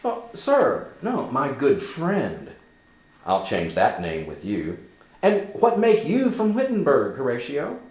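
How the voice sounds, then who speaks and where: A man's voice: mid-range voice, huge pitch swings, takes it slowly, a little hiss or hum, pitched above the performer's own voice. A bitter young prince, as a male teacher puts him on. He declaims with sarcastic bite in a voice pushed well above the reader's own, and it swings up and down a lot. The sound is roomy and echoey. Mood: eager greeting. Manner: emphatic, raised declamation. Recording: echoey room.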